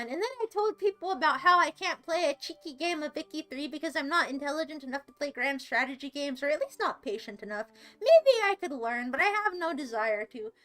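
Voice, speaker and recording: Woman streamer at her computer, high sharp voice, goofy and self-mocking, faint music behind. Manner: theatrical, self-mocking, giggly. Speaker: livestreamer. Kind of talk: casual livestream chat reading comments while gaming. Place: seated at a computer.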